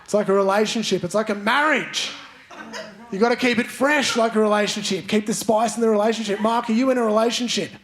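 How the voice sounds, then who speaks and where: A man's voice: high voice, fast talker, fairly bright tone. A man performing stand-up comedy in a theatre, teasing audience members and leading the crowd in chants. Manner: playful, banters with audience members, leads chants. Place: large theatre stage. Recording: live theatre recording with crowd noise. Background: audience laughter.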